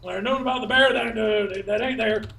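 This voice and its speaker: A man doing an absurdist stand-up bit at an open mic, rambling and repeating himself in broken folksy grammar, with halting fillers and sudden shouted bursts. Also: sits high, steady tone, vocal fry, far from the mic, a little hiss or hum, poor audio.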